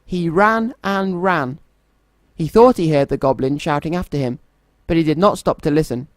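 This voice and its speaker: A man reading a children's story aloud in a gentle, expressive storytelling manner. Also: a little high, normal speed, no room sound.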